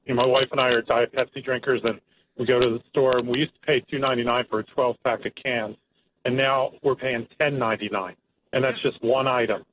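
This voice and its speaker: Flat-voiced male caller over a phone line. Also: mid-range voice, a little fast. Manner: plain-spoken, frustrated. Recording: tinny phone line with faint noise.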